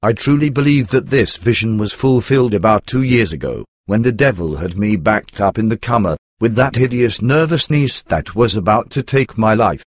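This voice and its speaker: A man reading a religious testimony aloud in a steady, earnest way. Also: on the low side, normal speed, hardly any pauses, no room sound, clean studio sound. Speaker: reader. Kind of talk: scripted narration of a religious testimony.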